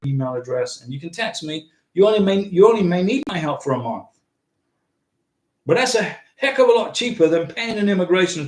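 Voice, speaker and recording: Man, high voice, rambling livestream host, chatty, echoey room. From United States. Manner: rambling, talks back to viewers' chat. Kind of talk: casual livestream chat.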